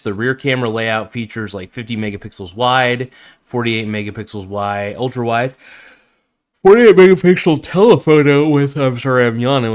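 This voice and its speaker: A man's voice: on the low side, a bit bright. A man hosting a live-streamed phone review, talking casually with lots of fillers, restarts and enthusiastic asides. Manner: enthusiastic fan, easily impressed.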